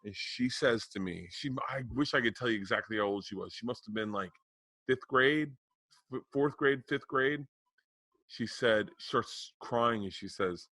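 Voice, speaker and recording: A man's voice: medium pitch, unhurried, pushed and bright, dry recording. A middle-aged man co-hosting a podcast, telling a rambling, profane, emotional story in casual chat. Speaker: podcast co-host.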